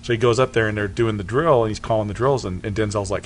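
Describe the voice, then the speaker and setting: A man's voice: on the low side, fairly even intonation, quick pace, slight background noise. A man co-hosting a podcast, chatting casually about a movie and acting out its lines in quoted voices. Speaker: podcast co-host. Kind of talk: casual movie review chat.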